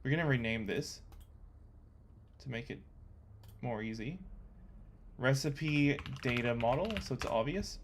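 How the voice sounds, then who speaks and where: A young man talking to himself while coding, thinking aloud with excitable, chatty commentary. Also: medium pitch, unhurried, pauses often, a little hiss or hum. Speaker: coding vlogger. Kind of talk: casual screen-recorded coding commentary.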